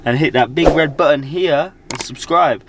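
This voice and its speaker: A man's voice: on the high side, moderate pace, noisy background. A British man, a motivational speaker, talking casually and energetically to camera in his vlog, with slangy pep-talk asides. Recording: background music clearly audible.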